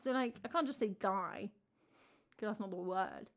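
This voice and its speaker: A woman's voice: mid-range voice, normal speed. A woman from England with an English accent, a singer-songwriter chatting casually between songs on a live stream, rambling and cutting herself off with lots of likes. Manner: rambling, self-interrupting, chatty with many likes.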